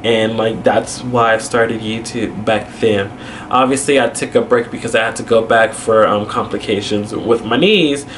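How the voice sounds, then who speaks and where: A man's voice: fairly low pitch, fairly even intonation, moderate pace. Young man, vlogger, casual storytelling, rambling, lots of fillers, faint background noise. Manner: rambling, full of "like" and "you know".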